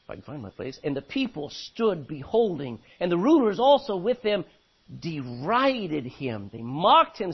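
A man preaching a sermon, animated, acting out voices from the scripture he reads. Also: a little high, measured pace, breathy edge. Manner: animated, acts out biblical voices. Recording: dull lo-fi recording.

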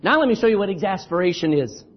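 A man voicing a calm, dry-witted father making prank calls, in a dull lo-fi recording. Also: sits high, quick pace. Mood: explaining. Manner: calm, teasing.

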